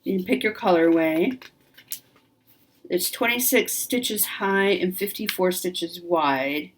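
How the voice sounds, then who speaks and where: A woman with a slightly low voice talks through a magazine page by page. She rambles, full of fillers and eager asides, in a relaxed, casual chat. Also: takes it slowly, a little hiss or hum. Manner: chatty, rambling, enthusiastic, many fillers. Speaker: craft channel host.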